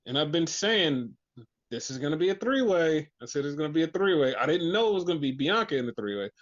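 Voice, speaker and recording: Man, high voice, excitable podcast co-host, swears, muffled lo-fi sound. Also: quick pace. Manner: animated, swearing, acts out quotes. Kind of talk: casual wrestling chat. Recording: dull lo-fi podcast audio.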